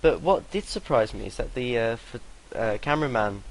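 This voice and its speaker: A man's voice: medium pitch, animated, normal speed, poor audio. A young man telling a rambling story to camera, swearing freely and laughing between sentences. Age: young adult. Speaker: vlogger.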